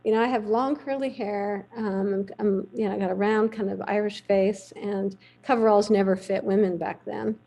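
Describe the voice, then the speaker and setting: A middle-aged woman recounts an old career story with lively, animated storytelling, acting out the people she quotes. Her voice has a gravelly fry and a dark, mellow tone. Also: mid-range voice, normal speed, hardly any pauses, poor audio. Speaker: veterinarian guest. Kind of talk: storytelling in a podcast interview.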